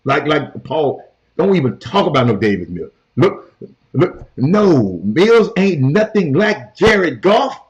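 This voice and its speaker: Taking things slowly in a slightly high, sing-song voice, a man hosts a sports talk show from his hotel room. He's casual but emphatic, restating his points and calling out to his cohost and the viewers. The portable camera mic gives a dull, lo-fi recording.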